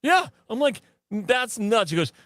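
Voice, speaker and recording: A man co-hosting a casual podcast, telling stories in an animated way, laughing often and mimicking other people. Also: high voice, a little slow, dry recording. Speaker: podcast co-host. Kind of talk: casual chat.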